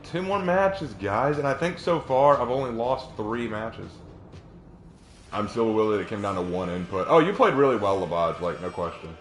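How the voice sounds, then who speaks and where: Low-voiced man streaming a game. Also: animated, moderate pace. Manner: laid-back, chuckles often, repeats himself. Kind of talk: casual gaming stream chat. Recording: roomy sound with music behind.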